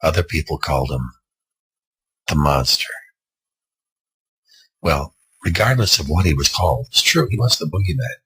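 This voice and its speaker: Man, low and very raspy, lively intonation, rambling casual storyteller. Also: normal speed, long pauses, low-quality recording. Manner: rambling, conversational, with asides. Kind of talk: improvised spooky storytelling.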